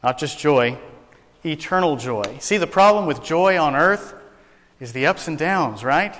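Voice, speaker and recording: A man's voice: a little high, animated, measured pace, a bit bright, big-room sound. A man preaching a sermon to a congregation, folksy and joking, telling jokes as he goes. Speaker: pastor. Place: church sanctuary.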